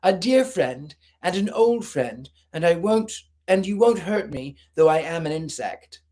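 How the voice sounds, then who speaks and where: A man's voice: fairly high pitch, expressive, unhurried, mellow. A man voicing a tiny, sad insect that keeps asking for jokes in a storybook reading. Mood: wistful.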